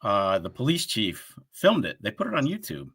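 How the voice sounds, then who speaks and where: A man chatting on a live stream with a bright, forceful voice that swings widely in pitch. He tells stories with energy and acts out the other people's lines. The sound is close and dry. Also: normal speed, slightly rough, dry recording. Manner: animated storyteller, acts out callers' lines. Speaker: co-host of a livestream show. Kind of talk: casual chat.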